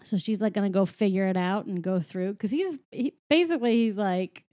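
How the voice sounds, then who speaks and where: A woman chatting casually on a podcast, retelling movie scenes and slipping into quick quoted voices. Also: mid-range voice, dark tone, dry recording, studio quality. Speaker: podcast co-host recapping a film. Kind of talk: casual chat.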